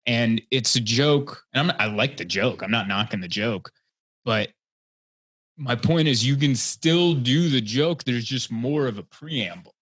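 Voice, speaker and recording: A man's voice: mid-range voice, unhurried, no room sound. Chatty comedian man, dry close sound. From Hungary. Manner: chatty storyteller, rambling with fillers, gets animated. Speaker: guest comedian. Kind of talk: casual podcast conversation.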